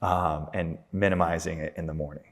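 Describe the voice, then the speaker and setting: A man's voice: deep voice, level tone, brisk. A man chatting casually as a podcast guest, rambling through self-deprecating stories about his habits. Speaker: clinic managing director, podcast guest. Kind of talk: casual interview chat. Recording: reverberant room.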